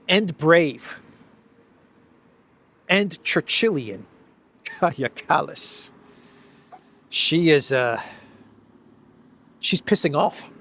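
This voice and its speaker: American male host, mid-pitched, sarcastic solo news commentary, thinks aloud with frequent restarts. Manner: speculative, sarcastic, repeats words while thinking.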